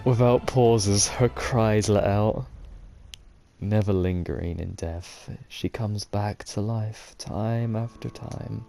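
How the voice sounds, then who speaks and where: A man with a fairly low voice reads a game's story text aloud, taking his time over every line. He speaks at an unhurried, deliberate pace. Soft game music plays faintly behind him. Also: steady tone, gravelly. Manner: slow, measured reading of game text with occasional sworn reactions. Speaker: gaming video host. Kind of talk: reading a visual novel aloud.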